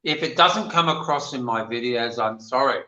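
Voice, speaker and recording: A man's voice: medium pitch, moderate pace, bright, forceful tone, roomy sound, lo-fi sound. An older man with an English accent, telling rambling stories as a guest on a livestream panel chat. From England. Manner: chatty, rambling storyteller.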